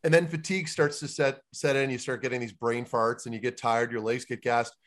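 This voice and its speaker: A man's voice: medium pitch, fairly even intonation, brisk. A man co-hosting a casual podcast, chummy and joking, swearing casually as he asks questions. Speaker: podcast co-host.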